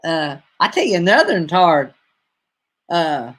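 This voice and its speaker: A man's voice: a little high, very animated, a little slow, fairly bright tone. A man in his fifties from North Alabama with a Southern accent, rambling folksily in a casual live-stream chat with his viewers. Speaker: livestream host.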